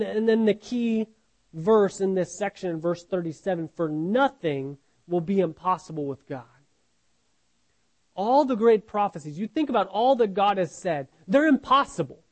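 A man's voice: high-pitched, rough recording. A man preaching a Bible sermon in an earnest, questioning way, often restarting words and asking "right?".

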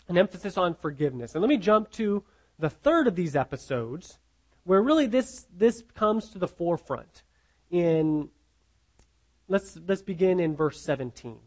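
High-voiced man preaching conversationally. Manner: conversational teaching with frequent restarts and rhetorical questions. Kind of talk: sermon.

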